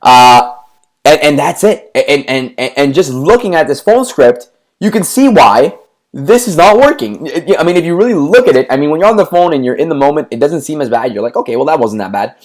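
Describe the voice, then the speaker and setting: A marketing coach for martial arts schools speaks in a slightly high, brisk voice with big pitch swings. Giving instructional talk to school owners, he emphatically repeats lists of instructions and often stammers and restarts.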